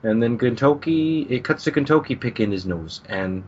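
A man co-hosting a podcast, narrating a plot in a low-key, casual way, in muffled lo-fi audio. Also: animated, moderate pace, slight background noise. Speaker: podcast co-host. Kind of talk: casual chat recapping a manga.

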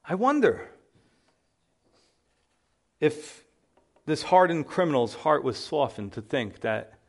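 Man, pastor, sermon, emphatic preaching, slightly high voice. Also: very animated, slow, gravelly. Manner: preaching with rising, emphatic exclamations.

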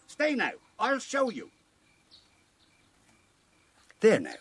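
A man's voice: high-pitched, huge pitch swings, moderate pace, fairly bright tone, slightly rough, exaggerated voice. A man doing a breezy, duel-loving Irish baronet. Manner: breezy, ironic, coolly teasing.

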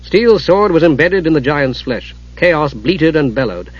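Husky male audiobook narrator. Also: fairly high pitch, moderate pace, no echo. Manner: steady, dramatic storytelling. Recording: dull lo-fi audiobook recording.

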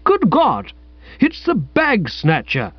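A man's voice: high-pitched, huge pitch swings, slow, dry recording, pitched above the performer's own voice, exaggerated voice. A man voicing a fussy, pompous old magistrate who blusters indignantly in an audiobook. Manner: blustering, querulous. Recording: dull, dry, lo-fi sound.

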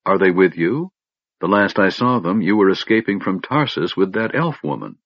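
A man's voice: sits low, sing-song, moderate pace, dry recording, heavily acted. Een zelfverzekerde vrouwelijke legeraanvoerder, door een man gespeeld, plagerig en dreigend, levendig en hoger, doffe droge opname. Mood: eager. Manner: playful, pleasantly menacing. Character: confident, teasing female warrior commander. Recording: dull lo-fi recording.

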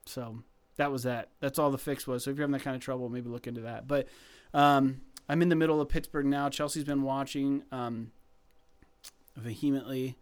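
A man co-hosting a podcast, talking casually and excitedly about games with lots of fillers. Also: medium pitch, moderate pace, clean tone. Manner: rambling, filler-heavy, excitable. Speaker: podcast co-host. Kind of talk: casual gaming chat.

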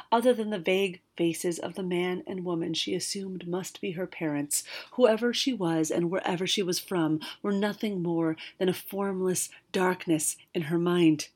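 Woman reading a storybook out loud, expressive, trips on a word here and there. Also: fairly low pitch, breathy edge. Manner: expressive with occasional slips and restarts. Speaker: narrator. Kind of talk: storybook narration read aloud.

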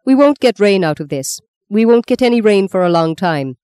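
A woman's voice: medium pitch, expressive, normal speed, dark tone, smooth, no echo, studio quality, voice pushed up, close to an everyday voice. A woman voicing a scheming, sardonic old woman who speaks curtly and mockingly. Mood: grim. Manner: mocking, curt, taunting.

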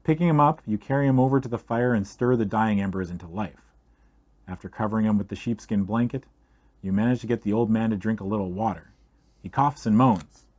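A man's voice: on the low side, a little fast. Man reading a fantasy adventure aloud. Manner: steady storytelling read-aloud, second person. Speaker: game reader.

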